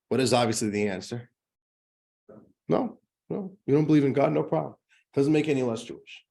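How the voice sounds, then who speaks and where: A man who is a rabbi teaching a class, telling a joke in a lively, conversational way before explaining a lesson. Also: medium pitch, moderate pace, gravelly, pauses often.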